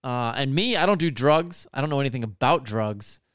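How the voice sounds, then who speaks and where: A man's voice: medium pitch, animated, fairly quick, fairly bright tone, clean tone, dry recording, studio quality. A man telling a long story in a casual, rambling way, swearing often and full of fillers. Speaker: podcast co-host telling a story.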